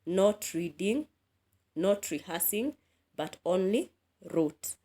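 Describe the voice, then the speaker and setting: A woman teaching an English grammar lesson, speaking deliberately, repeating key words and asking the listener questions. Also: lowish voice, lively intonation, warm tone.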